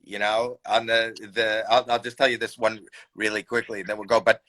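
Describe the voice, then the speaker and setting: Bright-voiced male comedian from Canada; animated anecdote teller. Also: on the low side, brisk, poor audio. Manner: animated storyteller, shouts and voices people in anecdotes. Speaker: comedian guest. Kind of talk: casual storytelling chat. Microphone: video call.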